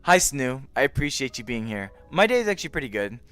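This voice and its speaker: A young man hosting a casual live stream, talking warmly to his viewers and greeting each by name. His pitch jumps around a lot, up into playful squeaks. Faint music plays behind him. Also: big pitch swings, fast, clean tone. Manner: friendly, greets chat by name, playful meowing in a high squeak.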